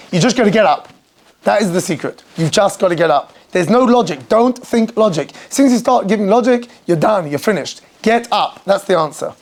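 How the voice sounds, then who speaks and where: Animated rabbi teaching a class. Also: male voice, high-pitched, brisk. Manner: animated, acts out quoted voices and asks rhetorical questions. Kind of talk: informal Torah class.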